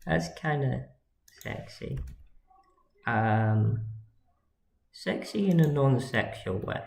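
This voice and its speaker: A man's voice: medium pitch, animated, takes it slowly, vocal fry, a little mellow. A man giving casual livestream commentary as he models, rambling and joking and muttering to himself as he works. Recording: echoey room with faint noise. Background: keyboard and mouse clicks.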